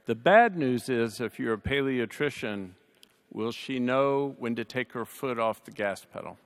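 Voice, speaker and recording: A man speaking on a panel, telling a personal family story in a conversational way, with dry humor, his voice softening at the sad moments. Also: mid-range voice, lively intonation, unhurried. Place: large chapel. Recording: long reverb of a large hall.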